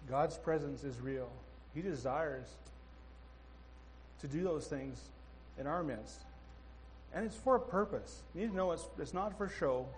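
A man's voice: on the high side, expressive, unhurried, pauses often, slight background noise, rough recording. A man preaching earnestly as pastor, asking the congregation questions. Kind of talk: sermon exhortation over music. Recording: live church with music playing behind.

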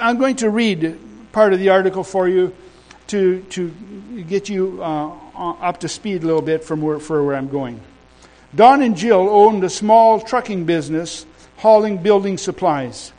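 A man preaching a sermon in a folksy, rambling way, breaking off and restarting, then building to loud, emphatic declarations. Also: high voice, rough recording. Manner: folksy asides and humor.

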